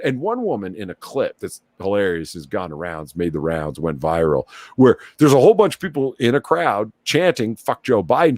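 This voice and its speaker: A man's voice: mid-range voice, expressive, a little fast, hardly any pauses, a little mellow, no echo. A man co-hosting a casual talk show, telling a story with heavy sarcasm. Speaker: podcast co-host. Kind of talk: casual political chat.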